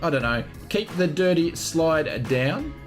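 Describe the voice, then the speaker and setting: An Australian man hosts a live stream, cheerfully welcoming viewers one by one in a casual, chatty way. His voice sits high and swings widely in pitch. Faint music plays underneath. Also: lively intonation, unhurried. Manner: chatty, greets viewers by name. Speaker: flight sim streamer.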